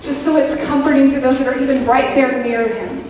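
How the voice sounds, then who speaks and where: A woman preacher, giving a sermon in a folksy, animated storytelling way with playful asides to the congregation. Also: high voice, brisk. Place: church sanctuary. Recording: echoey hall, voice from a distance with background noise.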